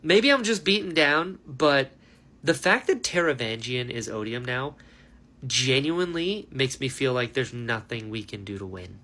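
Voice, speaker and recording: A man giving a casual, animated book reaction, ranting with lots of fillers. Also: medium pitch, a little slow. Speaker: book reviewer.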